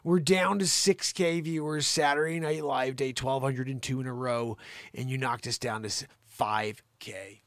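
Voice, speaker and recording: A man hosting a live improvised comedy show, teasing and scolding a caller in a loud, mock-outraged rant. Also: mid-range voice, fairly even intonation, unhurried, dry recording.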